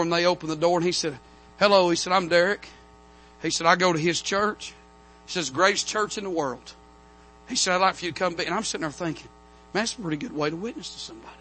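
A man preaching a revival sermon from the pulpit, telling stories and building to loud, emphatic amens. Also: fairly high pitch, a little hiss or hum. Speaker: pastor. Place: church sanctuary.

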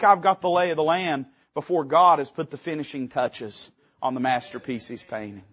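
A man preaching with fervor, his voice sitting high and swinging between loud climbs and low, drawn-out falls. He leans on dramatic pauses to drive each point home. The recording sounds dull and lo-fi. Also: breathy edge. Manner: emphatic, rising and falling with dramatic pauses. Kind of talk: sermon.

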